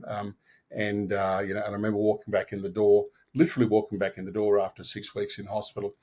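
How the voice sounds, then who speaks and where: A man's voice: on the low side, husky. An Australian man in his sixties, a podcast guest telling personal stories frankly and animatedly, acting out the people he quotes. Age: 60s. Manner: animated storyteller who acts out quoted dialogue; frank and earthy, with mild swearing. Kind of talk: personal storytelling in an interview.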